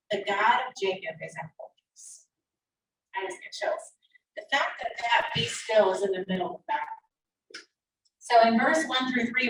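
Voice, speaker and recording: A woman's voice: a little high, distant mic, slight background noise. Woman elder teaching scripture over a video call. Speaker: church elder. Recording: echoey video-call audio from off the mic.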